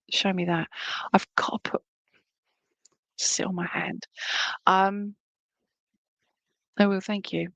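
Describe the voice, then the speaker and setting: Chatty woman with a gravelly voice. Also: mid-range voice, dry recording. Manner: chatty, reassuring, full of fillers. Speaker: spiritualist medium. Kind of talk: online service reading. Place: home room with a TV.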